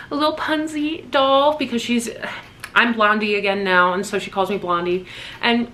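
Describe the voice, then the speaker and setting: A woman in her twenties chatting excitedly in a casual birthday haul vlog at home, gushing and swearing casually. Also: mid-range voice, moderate pace. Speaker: vlogger.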